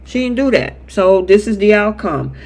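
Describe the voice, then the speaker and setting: A man's voice: sits high, sing-song, moderate pace, a little mellow. A man hosting a live chat show that recaps a soap opera, reading viewer comments and acting out characters' lines in quotes. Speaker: show host.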